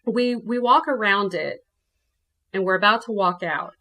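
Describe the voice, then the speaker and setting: A woman from New Orleans, a guest telling her ghost story in casual, animated talk. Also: mid-range voice, unhurried. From New Orleans, USA. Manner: animated, acts out her own quotes.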